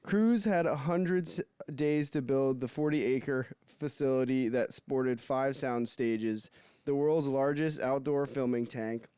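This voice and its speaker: A man co-hosting a podcast, reading out research notes and chatting, quick to laugh. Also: mid-range voice, mellow, smooth, dry recording. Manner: laughs easily, short reactions. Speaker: podcast co-host.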